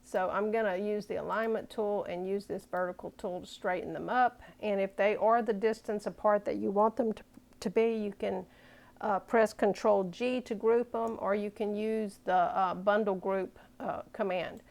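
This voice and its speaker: A woman's voice: mid-range voice, fairly even intonation, normal speed, vocal fry, darkish tone. A woman walking through a design program step by step in a casual, chatty way, thinking aloud as she goes. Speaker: craft tutorial maker. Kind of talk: casual screen tutorial.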